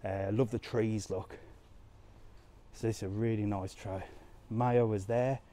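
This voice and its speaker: This man's voice is fairly low, steady, warm and measured in pace. He's a travel vlogger live-streaming a walk around a resort town's streets and squares, chatting easily and responding to comments.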